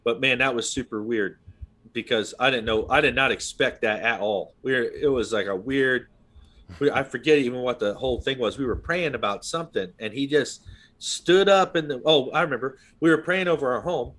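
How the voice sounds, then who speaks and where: A man's voice: mid-range voice, a little fast, a bit bright. Podcast host, man in his thirties: loose, rambling storyteller, middle-range voice. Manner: rambling storyteller, full of "you know what I mean". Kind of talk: casual conversation.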